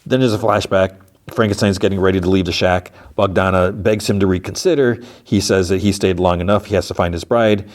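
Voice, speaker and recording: A man's voice: low voice, steady tone, a little fast. A man hosting a podcast, casually recapping episodes in a rambling way with many restarts. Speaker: podcast host.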